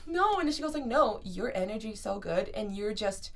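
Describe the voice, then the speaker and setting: A young woman co-hosts a podcast, swapping festival stories in casual chat at a normal speed with a mid-range voice. She's an animated storyteller who acts out quotes and swears freely.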